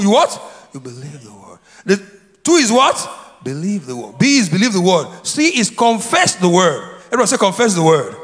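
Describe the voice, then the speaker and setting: High, lively preacher in an echoing hall. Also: male voice. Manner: repetitive, prompts congregation to answer. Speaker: pastor. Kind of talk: sermon with call and response. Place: church sanctuary. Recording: long hall reverb.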